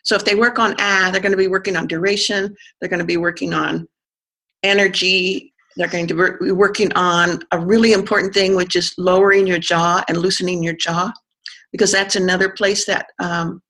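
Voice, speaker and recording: Gravelly, bright-toned accent coach. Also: mid-range voice, little pitch movement. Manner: thoughtful, pauses with fillers, sounds out vowels to demonstrate. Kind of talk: conversational explanation of pronunciation.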